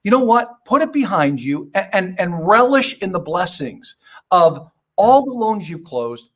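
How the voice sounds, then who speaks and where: An older man with a notably high-pitched voice talks as a podcast guest. He drives his points home in short, emphatic, preachy phrases and often slips into stories. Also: sing-song, a little slow, fairly bright tone. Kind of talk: motivational podcast talk.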